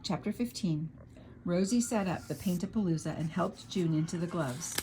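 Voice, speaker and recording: A woman narrating a children's storybook aloud in a lively, expressive way. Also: lowish voice, moderate pace, slight background noise, low-quality recording.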